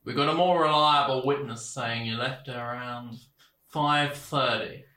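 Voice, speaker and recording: A smug, folksy small-town sheriff, played by a man speaks in a piercingly bright, sharp-edged voice. He is patronizing and sing-song, ending his lines with little tag questions. The voice sits in a roomy, echoing space. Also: medium pitch, a little slow. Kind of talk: audio drama acting.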